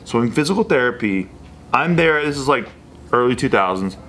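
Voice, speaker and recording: A man's voice: medium pitch, lively intonation, fairly quick, fairly bright tone. Man in his thirties, podcast co-host, casual profane storytelling, acts out quotes, faint background noise.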